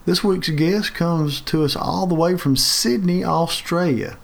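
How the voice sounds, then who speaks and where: Gravelly sports host. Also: male voice, on the high side. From Alabama. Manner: halting, many fillers and restarts. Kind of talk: casual sports talk.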